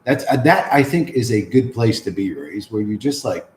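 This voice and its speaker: A man with a lowish voice rambles through a livestream, answering chat in a crude, sardonic way. The room sounds echoey and a faint hum of ambience sits behind him. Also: a little fast, few pauses, darkish tone. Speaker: livestream host reading chat.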